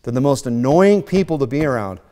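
A man preaching a sermon in a relaxed, joking way, sometimes mocking other people's voices. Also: mid-range voice, a little fast. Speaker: pastor. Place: church sanctuary. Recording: long hall reverb.

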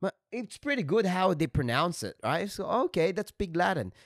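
A man hosting a casual podcast chat, rambling with many fillers and restarts as he slowly explains words through examples. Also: high voice, big pitch swings, no echo, clean studio sound. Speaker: podcast host.

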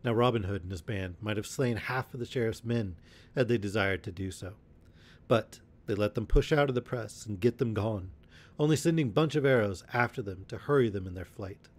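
A man narrating an old adventure novel aloud as a calm bedtime story, in a steady, measured reading. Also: lowish voice.

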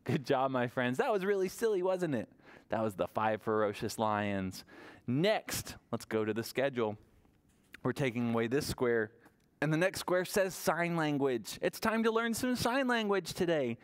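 A man leading a virtual toddler story time as a children's librarian, talking in an animated, sing-song way to small children. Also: medium pitch, moderate pace, clear, resonant tone.

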